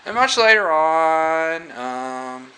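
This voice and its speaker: A man casually retelling a movie plot as a reviewer, halting and full of fillers and restarts. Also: a little high, animated, pushed and bright, slight background noise, rough recording.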